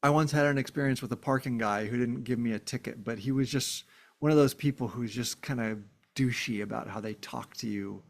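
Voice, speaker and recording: A man giving an earnest, emphatic casual monologue, speaking directly to his viewers. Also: medium pitch. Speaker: vlogger. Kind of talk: casual heartfelt monologue to camera.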